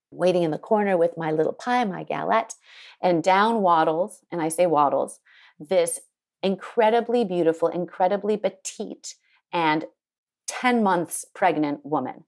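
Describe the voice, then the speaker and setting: Woman winemaker, kinda low voice, chatty storyteller doing little voices for people. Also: unhurried, vocal fry. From United States. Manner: lively, quotes people in put-on voices. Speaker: winemaker guest. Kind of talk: animated storytelling in an interview. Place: her home in Sonoma County.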